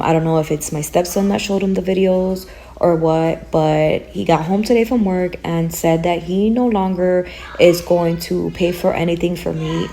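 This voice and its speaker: A woman in a confessional phone video, holding back tears and speaking in halting bursts. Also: on the low side, mellow. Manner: shaky, creaky, halting. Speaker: mother posting a video.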